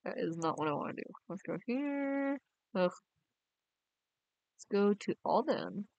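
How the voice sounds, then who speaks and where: A woman's voice: mid-range voice, very animated, unhurried, creaky, darkish tone, dry recording. A young woman, chatting casually on a game live stream and reading her chat aloud in a bubbly way. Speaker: game livestreamer.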